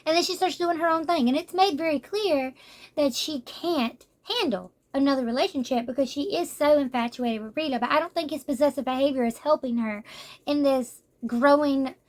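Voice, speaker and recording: A young woman giving a casual, animated manga review, exasperated and slangy. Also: high-pitched, moderate pace. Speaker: book reviewer.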